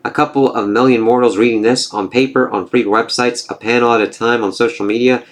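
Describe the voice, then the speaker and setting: A man's voice: medium pitch, steady tone, a little fast, a little hiss or hum, close to an everyday voice. A man reading the lines of a smug, gloating male corporate villain from a comic, taunting as he speaks.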